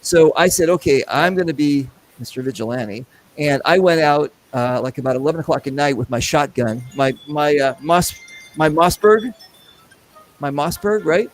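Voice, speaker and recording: Animated man host telling stories. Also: on the high side, normal speed, rough recording. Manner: animated, acts out voices in anecdotes. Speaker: podcast host. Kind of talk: casual storytelling.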